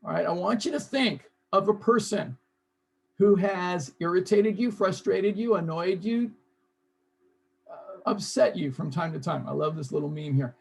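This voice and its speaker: A man's voice: high voice, unhurried, gravelly. A man leading an online seminar, coaxing his audience to join in. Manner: coaxing, urges audience to participate. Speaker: seminar leader.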